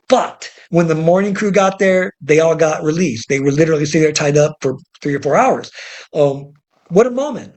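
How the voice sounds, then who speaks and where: A man who teaches self-defense, telling animated, profane stories as a guest in an interview. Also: fairly high pitch, moderate pace. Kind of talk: storytelling in an interview.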